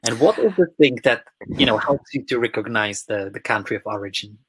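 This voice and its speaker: A polite, encouraging man speaks English with a Czech accent as he interviews a guest. His voice is husky and sits mid-range. The recording is dry. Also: mid-range voice, expressive, brisk, no room sound. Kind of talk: interview questions.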